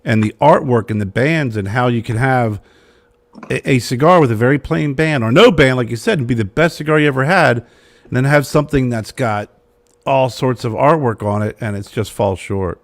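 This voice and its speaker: A man hosts a relaxed cigar talk show, teasing his guests and steering the questions. His voice sits at an ordinary middle pitch. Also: moderate pace. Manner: joking, leads the questions. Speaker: host. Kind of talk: casual podcast chat.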